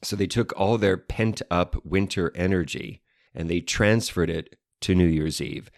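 A man with a very low voice co-hosts a relaxed podcast alongside his wife. He is dry and playful, and likes to explain history with fancy words. He is recorded close up in a dead, dry room. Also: a little slow, no echo. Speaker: podcast co-host. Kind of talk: casual banter with wife.

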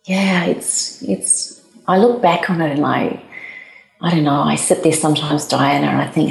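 A woman in her forties, a guest telling her personal story candidly, with halting restarts. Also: sits low, steady tone, vocal fry. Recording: echoey room.

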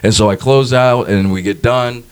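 A man's voice: mid-range voice, moderate pace, clean tone. A man, a stand-up comedian, telling a story in a casual podcast chat, swearing freely and acting out the people in it. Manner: animated, swearing, acts out quoted voices.

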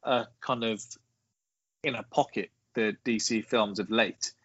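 A man co-hosting a casual film podcast, explaining his points in a measured way and leading with trivia. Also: fairly low pitch, fairly even intonation, a bit bright, slightly rough, dry recording, dull audio. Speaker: podcast co-host.

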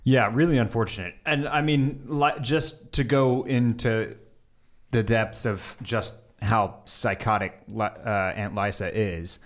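A man's voice: on the low side, steady tone. A man co-hosting a podcast, chiming in casually and agreeably during a TV episode recap. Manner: laid-back, agreeable, quick to chime in. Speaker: podcast co-host.

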